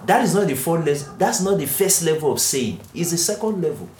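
A man's voice: a little high, very animated, fairly quick, a little mellow, slight background noise. A man teaching a Bible lesson, explaining earnestly and correcting himself mid-sentence. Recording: echoey room.

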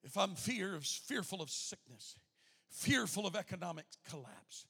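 Gravelly high-voiced preaching man. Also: sing-song, unhurried. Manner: preaching with call-and-response, rising to shouts. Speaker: pastor. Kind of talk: sermon.

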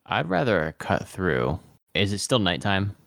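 A man's voice: deep voice, sing-song, measured pace, vocal fry, fairly bright tone, no echo, clean studio sound. A young man playing a tabletop game for the first time as a guest, talking hesitantly and repeating words. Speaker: guest player. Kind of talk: casual tabletop game play.

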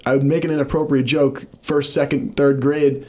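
A man's voice: medium pitch, level tone, normal speed, a little mellow. A young man, a comedian guest on a podcast, telling stories in a rambling way full of fillers. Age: young adult. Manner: rambling storyteller, filler-heavy "like". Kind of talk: casual chat.

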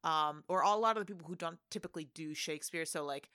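A woman with a lowish voice chats on a film podcast, recorded close and dry. She tells stories at an easy pace and slips in deadpan jokes. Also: fast, no echo. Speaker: podcast co-host. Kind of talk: casual movie podcast chat.

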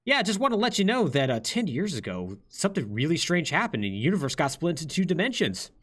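A man's voice: fairly high pitch, sing-song, quick pace, fairly bright tone, husky, voice pushed up, full character voice. A man voicing a mysterious old male prophet who speaks in a casual, chummy, offhand way. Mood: breezy.

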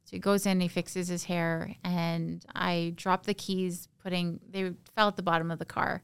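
A woman from Canada, a podcast guest, recounting a personal story in a halting, emotional, soft-spoken way. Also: fairly low pitch, little pitch movement, gravelly, smooth, no echo.

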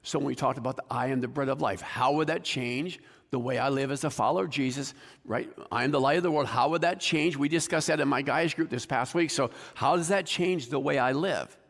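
A man's voice: medium pitch, a little fast, big-room sound. A male pastor giving a conversational sermon and putting questions to the congregation.

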